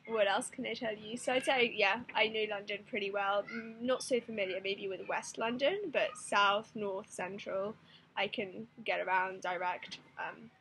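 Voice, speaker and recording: Woman, 20s, from Israel, casting self-tape: casual, hesitant, slight fry, faint room noise. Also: mid-range voice, a bit bright, low-quality recording. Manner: casual, hesitant with frequent ums. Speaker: casting applicant. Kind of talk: self-introduction to camera.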